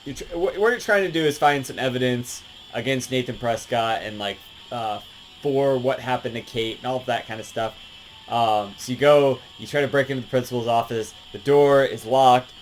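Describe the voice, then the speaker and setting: Casual male reviewer, mid-pitched, loose and rambling, with faint background music. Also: normal speed, rough recording. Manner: rambling, lots of filler and swearing. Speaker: game reviewer. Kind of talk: casual game review commentary.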